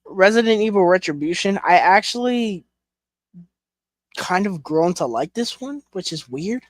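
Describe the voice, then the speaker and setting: Young man, casual reviewer, a bit high-voiced, rambling and blunt, dry close sound. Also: expressive, measured pace, dry recording. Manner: rambling with fillers and frank swearing. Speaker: collection reviewer. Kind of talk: casual chat.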